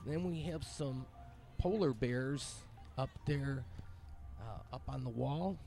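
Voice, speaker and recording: Live music surrounds a man vlogging his way through a night-time city holiday event outdoors. Mellow and mid-range with vocal fry, he takes it slowly, giving casual, rambling, upbeat walk-around commentary on local sights.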